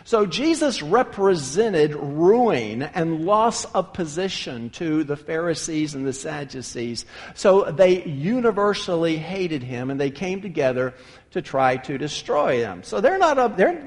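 A man preaching a sermon as a pastor, emphatic and animated, often restarting phrases. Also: a little high, big-room sound.

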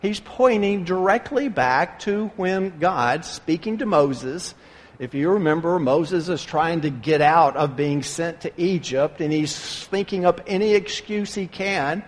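High-voiced preacher in a reverberant hall. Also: male voice. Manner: earnest preaching with dramatic pauses. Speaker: pastor. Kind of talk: sermon.

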